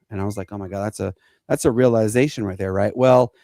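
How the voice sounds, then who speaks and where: Man, forties, earnest halting storyteller, podcast co-host, gravelly. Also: fairly low pitch, steady tone, dark tone, no echo. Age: 40s. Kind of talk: emotional personal story on a podcast.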